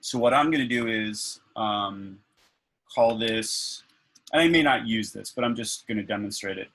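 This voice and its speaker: Low-voiced man leading an online workshop. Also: normal speed, fairly bright tone, rough recording. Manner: thinking aloud with many fillers and restarts. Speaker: instructor leading a faculty workshop. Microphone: video call.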